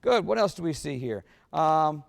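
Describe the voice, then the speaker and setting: A man's voice: a little high, animated, moderate pace, vocal fry. A man coaching a wind band in rehearsal in a concert hall, giving encouraging instructions and singing phrases in scat syllables to show how they should go. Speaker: band clinician.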